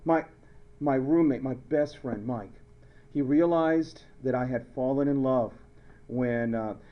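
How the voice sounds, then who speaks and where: A high school chemistry teacher gives a playful classroom lecture with jokes, telling stories and repeating his questions. His voice is medium-pitched, and the recording's highs are cut off.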